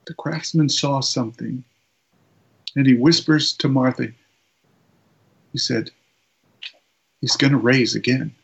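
A man preaching a sermon, retelling a story and slowing down to stress key lines. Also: mid-range voice, creaky, lo-fi sound. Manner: retells a story with quoted voices, slows for emphasis.

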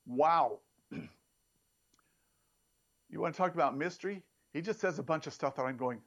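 A man preaching a sermon in an emphatic, animated way, his voice jumping up for emphasis. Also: moderate pace, pauses often, dull audio. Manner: emphatic, animated preaching with sudden rises in pitch.

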